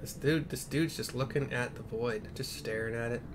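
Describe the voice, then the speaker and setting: A man's voice: mid-range voice, steady tone, moderate pace, background noise. A man giving casual, irreverent commentary while narrating his playthrough of a game, with swearing asides.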